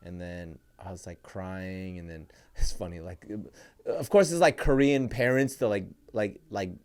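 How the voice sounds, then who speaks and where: A man's voice: low voice, a little slow, a little mellow, smooth. A young man co-hosting a podcast, telling a story in a rambling casual way, full of "like" and "bro". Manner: rambling, heavy use of "like" and "bro". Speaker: podcast co-host.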